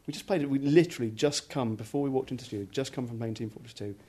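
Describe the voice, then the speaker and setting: A man's voice: medium pitch, rapid-fire, warm tone. A man hosting a casual studio podcast, rambling and chatty with many restarts. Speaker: podcast host, magazine editor.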